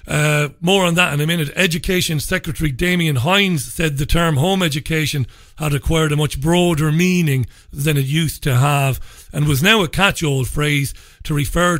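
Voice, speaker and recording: A man's voice: a little high, a bit bright, no room sound. A man from England, hosting a talk radio show from a studio and speaking in an opinionated, conversational way. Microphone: studio microphone.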